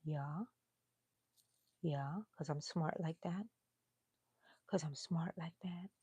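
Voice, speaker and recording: A woman's voice: slow, mellow, slightly rough, dry recording. Texan lady, 60s, crochet livestream host, chatty, mumbles n whispers counting stitches, dry close sound. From Texas. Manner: chatty, drops to low mutters and whispers while counting stitches. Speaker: crochet live-stream host. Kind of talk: casual chat while crocheting live.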